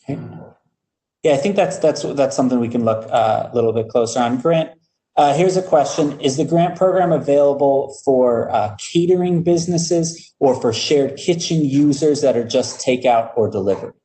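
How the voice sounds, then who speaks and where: A man's voice: mid-range voice, moderate pace, mellow, poor audio. A man moderating a webinar, reading out viewers' questions in an affable way with many fillers.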